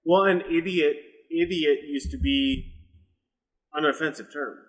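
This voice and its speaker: A man co-hosting a casual podcast chat, talking in halting bursts with many restarts. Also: on the high side, poor audio. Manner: halting, restarts a lot, laughs easily. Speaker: podcast co-host.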